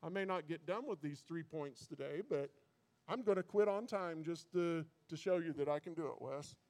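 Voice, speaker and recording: A man's voice: a little high, normal speed, a little mellow. A man preaching a sermon who stumbles and repeats words, building into fervent preaching.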